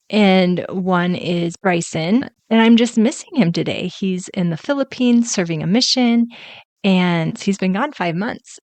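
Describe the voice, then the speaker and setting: A woman's voice: fairly low pitch, creaky, dry recording. A woman in her forties hosting a solo podcast as a life coach, talking in a chatty, conversational way. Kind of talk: casual solo podcast talk.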